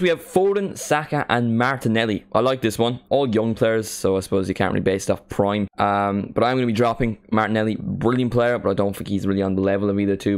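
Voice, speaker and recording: A young man talks football in a casual vlog. He delivers blunt, opinionated picks at a rapid clip, his voice sitting low. The tone is chatty and unscripted. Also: darkish tone, clear, resonant tone. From Ireland. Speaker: football vlogger.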